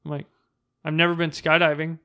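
Man, high bright voice, animated casual storyteller acting out quotes. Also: fairly quick. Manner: animated, acts out quotes in raised voice.

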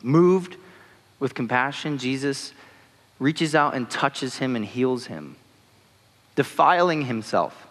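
A man's voice: medium pitch, lively intonation, slow pace, pauses often, a bit bright. A young adult man preaching a casual sermon in a chatty way, full of fillers like "like" and "you know". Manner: conversational, uses many fillers like "like" and "you know". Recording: long hall reverb.

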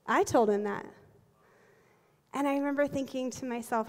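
A woman pastor in her forties delivers a sermon with a fairly high voice. She tells stories in a lively, humorous way and breaks into quick laughs. Her voice rings out with the long reverb of a large church sanctuary.

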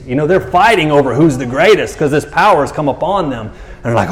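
A pastor with a fairly high voice preaches a sermon in a church, talking briskly with hardly any pauses. He tells the story casually and jokingly, animatedly acting out what the characters say. The sound is reverberant with a slight hiss or hum.

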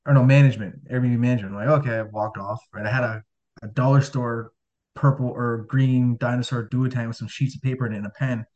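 Brisk and steady, this man has a mid-range voice with a darkish tone. He's a podcast guest recounting his life story in a rambling, casual manner, using many fillers and acting out what people said. The recording quality is dull and lo-fi.

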